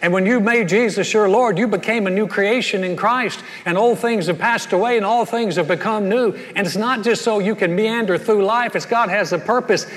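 A man preaching a sermon as a pastor, telling folksy stories and pushing his punchlines with animated energy. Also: high-pitched. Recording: long hall reverb.

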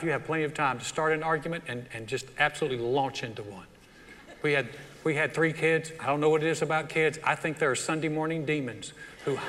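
A middle-aged man preaching a sermon as pastor, animated and acting out the voices of churchgoers. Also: on the high side, slight background noise. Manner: animated preaching that acts out quoted voices of the congregation. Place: large church hall. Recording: long hall reverb.

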